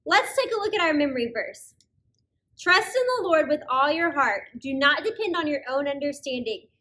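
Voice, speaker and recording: A woman's voice: high voice, expressive, normal speed, bright, forceful tone. A woman hosting an online kids' church lesson in an upbeat, encouraging way. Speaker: children's ministry host.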